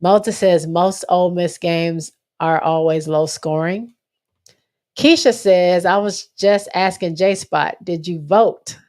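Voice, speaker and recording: Hosting a casual sports livestream, a young woman chats in an easygoing manner with a slightly low-pitched voice. She reads comments from viewers aloud and often corrects herself mid-thought.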